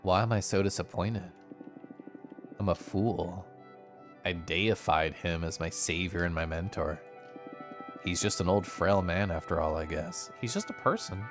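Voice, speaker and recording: Guy putting on a low quiet brooding game hero voice, beating himself up, soft and dropped. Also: a little slow, pauses often, music in the background. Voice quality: hushed, self-reproaching. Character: brooding, regretful game protagonist, hushed and low. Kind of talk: voicing game dialogue aloud.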